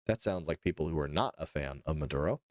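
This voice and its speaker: A man's voice: rumbling low, fast, no echo, clean studio sound. A man from Georgia streaming live, reacting casually to news and joking back and forth with his viewers. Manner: jokey, playfully indignant, addresses chat directly.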